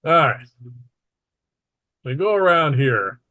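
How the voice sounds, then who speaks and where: A man running a tabletop game as game master, narrating in a relaxed, matter-of-fact way with small asides. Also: on the high side, slow pace, dry recording.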